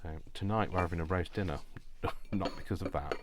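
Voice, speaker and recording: Man, very deep voice, rambling craft vlog chat, faint background hiss. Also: fairly quick. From not from Yorkshire, lives there now. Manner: rambling, chatty, self-deprecating asides. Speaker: crafting vlogger. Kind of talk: casual chat while crafting.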